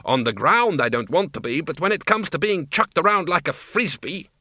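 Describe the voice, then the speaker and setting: A man's voice: a little high, lively intonation, moderate pace, pushed and bright, no echo, studio quality, pitched above the performer's own voice. Man doing a whiny, nervous vampire count. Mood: indignant. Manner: whiny, complaining.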